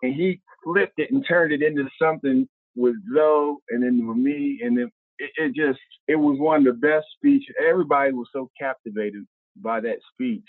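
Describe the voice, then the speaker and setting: Heard over a dry, tinny remote line that sounds like a phone, this Ohio man in his fifties speaks at normal speed in a mid-range voice. He's a former pro basketball player guesting on a podcast, spinning stories in slangy, animated fashion and voicing what others said.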